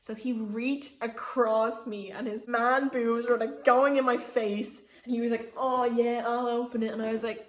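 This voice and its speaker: A woman's voice: a little high, steady tone, moderate pace, few pauses. Chatty young woman, roomy echo. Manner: chatty, frequent "like", laughing asides. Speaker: vlogger. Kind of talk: casual storytelling.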